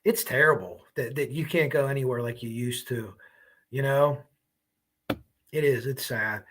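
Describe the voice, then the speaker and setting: A chatty man hosts a true crime livestream, casually reading viewer comments and reacting to them as he rambles on. His voice is a little high with a fairly bright tone.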